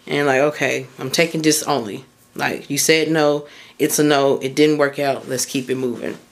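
A woman with a rumbling low voice and fairly even intonation hosts a podcast as a mindset coach, speaking at a moderate pace. Her casual motivational monologue runs through candid personal stories, with loose phrasing and lots of fillers.

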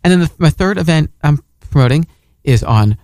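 A man's voice: on the high side, animated, brisk, a little mellow, no echo, studio quality. A man in his forties chatting casually on a podcast, rambling and repeating words as he promotes his shows.

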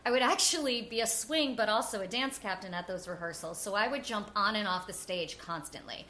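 Bright, chatty New woman. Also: medium pitch, brisk, a little hiss or hum. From New Jersey. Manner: animated and chatty, with frequent "like" and laughter. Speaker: guest. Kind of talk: casual interview storytelling.

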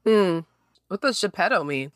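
A laid-back woman co-hosting a podcast in casual chat, chiming in with short, dry remarks. Her voice sits at a middle pitch. The recording is close and dry. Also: animated, moderate pace, no room sound. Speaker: podcast co-host.

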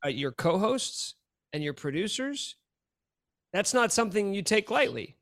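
A man producing a podcast who teases his co-host with mock-dramatic lines. His pitch is animated, and the close recording sounds dry. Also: unhurried, dry recording. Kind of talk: casual chat.

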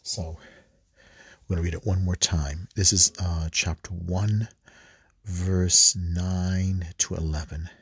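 A man hosting a podcast Bible study, reading scripture and prayers aloud, with halting pauses and restarts. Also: low voice, steady tone, breathy edge, dry recording. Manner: halting, many fillers and restarts while reading. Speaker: podcast host.

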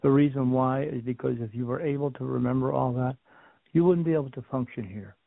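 Gravelly man on a phone-line call. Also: mid-range voice, brisk, dry recording. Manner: rambling storyteller, repeats and restarts, acts out quotes. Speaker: medium, podcast guest. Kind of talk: casual interview talk. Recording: phone-like remote call audio.

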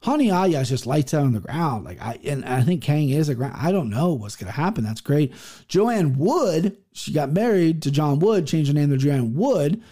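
A man's voice: on the high side, big pitch swings, normal speed, mellow. A man in his thirties hosting a podcast, talking through upcoming fights in a rambling, profane, casual monologue full of restarts. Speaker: podcast host.

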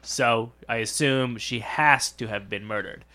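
A man's voice: mid-range voice, measured pace, sharp tone. A man playing an eccentric, cheerful chef who recites little rhymes, in an improvised comedy podcast. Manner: sing-song rhyming recitation. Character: eccentric male chef, cheerful rhyming poet.

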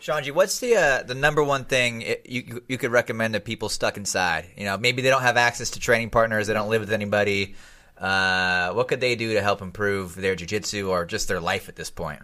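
A man's voice: fairly low pitch, fairly quick, pushed and bright. A man hosting a podcast interview, asking upbeat friendly questions. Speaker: podcast host.

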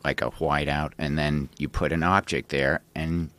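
A male guest in a casual chat, speaking in a reflective, halting way. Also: a bass voice, steady tone, fairly bright tone, no echo. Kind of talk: casual conversation.

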